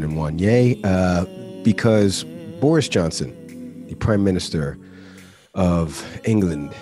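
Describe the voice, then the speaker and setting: A man's voice: sits low, mellow. A man co-hosting a podcast in casual chat, rambling and chuckling as he talks. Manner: rambling, chuckling, restarts often. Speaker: podcast co-host.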